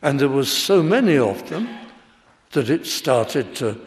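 A man preaching an expository sermon, reading verses and explaining them with deliberate emphasis. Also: medium pitch, big pitch swings. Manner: slow, deliberate Bible exposition with rising emphasis. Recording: long hall reverb.

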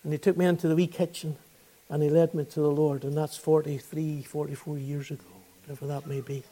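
High-voiced Northern Irish preacher. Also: male voice, flat delivery, a little fast, warm tone. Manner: earnest storytelling, rising to fervent appeals. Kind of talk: gospel sermon testimony.

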